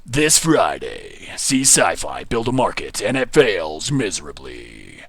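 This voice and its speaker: A man putting on the voice of a deep, dramatic male movie-trailer announcer in slow, booming promo style. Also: wildly swooping pitch, gravelly, heavily acted.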